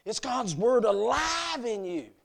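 Casting note: a high-pitched male preacher giving an emphatic, storytelling sermon. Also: sing-song, slow pace, gravelly, husky. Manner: emphatic storytelling that rises and falls. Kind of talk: sermon at a youth meeting.

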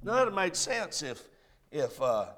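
A man preaching a sermon in a church, swinging between hushed lines and shouted ones. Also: fairly high pitch, sing-song, moderate pace. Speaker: pastor. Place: church sanctuary.

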